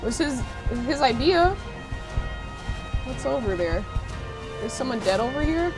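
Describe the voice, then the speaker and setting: A woman streamer chatting casually while playing a game, reacting loudly and reading chat messages aloud, with game music behind her. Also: sits high, animated, a little slow. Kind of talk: casual live gameplay chat.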